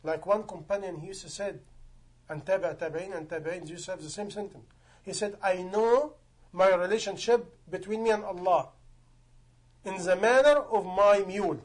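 High-voiced male preacher, emphatic. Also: moderate pace. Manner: emphatic, rhetorical questions, non-native grammar. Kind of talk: sermon.

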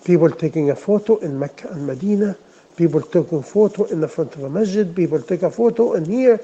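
Mellow-voiced male preacher, pleading sermon. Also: sits high, expressive, fairly quick, husky, muffled recording. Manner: repetitive, pleading, self-reproaching. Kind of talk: emotional sermon.

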